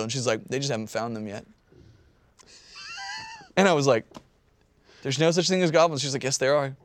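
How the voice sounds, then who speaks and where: A man in his thirties telling a story in casual chat, animated and swearing, often breaking into laughter. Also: mid-range voice, moderate pace, pauses often, no room sound.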